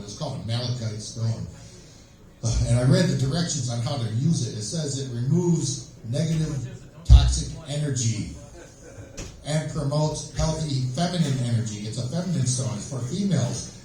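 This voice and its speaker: A man doing a novice stand-up comedy set, telling deadpan stories with acted dialogue. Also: on the high side. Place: open mic at a small venue. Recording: echoey room, far from mic, crowd noise.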